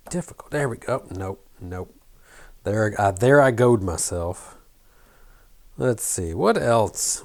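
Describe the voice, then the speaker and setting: A middle-aged man with a faint, mostly flattened Southern American accent, chatting casually and muttering to himself while working at a bench. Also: on the low side. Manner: rambling, self-deprecating, mutters while working. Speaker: hobby shop owner building an RC truck.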